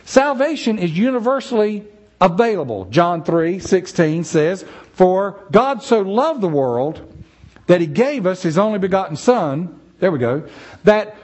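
A man preaching a sermon in a church, animated and acting out the voices of the people he quotes. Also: sits high, measured pace.

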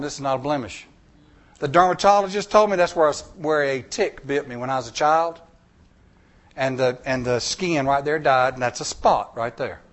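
A man preaching a sermon in a church, emphatic and repetitive, with folksy jokes. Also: medium pitch.

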